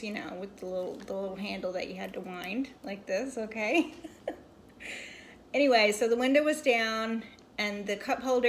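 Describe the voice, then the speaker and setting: A woman's voice: mid-range voice, slight background noise. A woman in her forties telling a rambling story to her viewers while she crochets at home, stopping now and then to scold a pet. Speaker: crochet vlogger. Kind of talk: casual storytelling chat.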